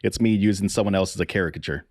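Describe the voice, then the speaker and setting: A man's voice: low voice, racing, darkish tone, no room sound, clean studio sound. A man co-hosting a podcast in casual chat, laughing often, swearing and stumbling over repeated words. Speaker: podcast co-host.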